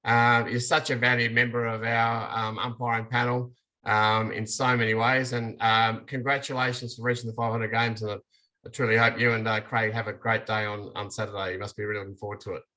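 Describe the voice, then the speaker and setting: A man's voice: mid-range voice, flat delivery, brisk, pushed and bright. A man hosting an umpires' online meeting, hesitant with many fillers and encouraging. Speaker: umpires' coach running the meeting. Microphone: video call.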